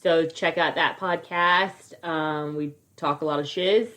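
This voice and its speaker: A woman's voice: low-pitched, fairly even intonation, measured pace, fairly bright tone. Woman in her thirties, podcast co-host, loose casual chat, swears a lot, laughs often. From California. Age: 30s.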